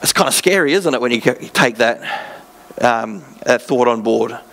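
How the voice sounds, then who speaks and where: A man's voice: medium pitch, expressive, moderate pace, creaky, fairly bright tone. A man preaching a sermon in church, reading scripture with joking asides in a casual way. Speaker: pastor.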